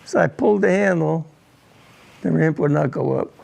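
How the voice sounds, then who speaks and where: Older male veteran interviewee; raspy, fry-heavy voice sitting high; slow, halting, repeats words as he recounts the past. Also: a little mellow. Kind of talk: recounting a personal war memory in an interview.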